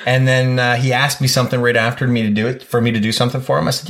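A man co-hosting a podcast, calmly telling stories and acting out what people said, with kids at home. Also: mid-range voice, rapid-fire. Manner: calm, storytelling, acts out quotes. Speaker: podcast co-host. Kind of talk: casual chat.

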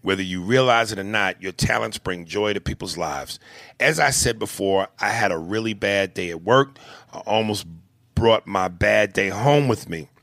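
A man's voice: fairly low pitch, moderate pace, gravelly, fairly bright tone, no room sound. A man co-hosting a comedy podcast, reading a listener's email aloud and joking crudely between lines. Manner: crude, joking, slips into voices. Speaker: podcast co-host.

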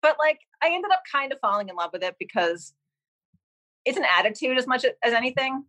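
A woman's voice: high voice, animated, fairly quick, pushed and bright, poor audio. A woman from Massachusetts, a TV series creator, talking loosely in an interview with lots of "like" and "um". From Cambridge, Massachusetts. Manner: rambling, many "like" and "um" fillers. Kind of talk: casual interview chat.

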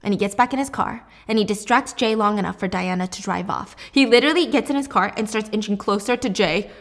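A woman casually recapping a drama, expressive and animated, laughing often. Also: medium pitch, fast talker.

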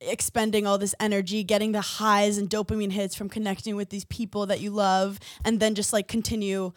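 A woman guest on a comedy podcast, teasing and cracking crude deadpan jokes. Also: mid-range voice, brisk, dry recording, studio quality. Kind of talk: casual comedic podcast chat.

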